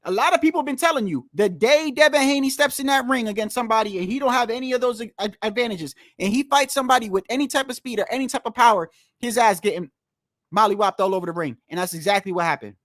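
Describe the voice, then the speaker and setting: A man's voice: very high voice, quick pace, a bit bright, no room sound, clean studio sound. A man giving a heated, profane boxing commentary rant, repeating his points for emphasis. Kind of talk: ranting vlog commentary.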